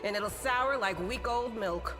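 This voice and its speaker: A woman voicing a wry, sharp-tongued paladin in a video game, with a dry, sardonic delivery. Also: on the high side, a little slow, big-room sound, lightly acted. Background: game music.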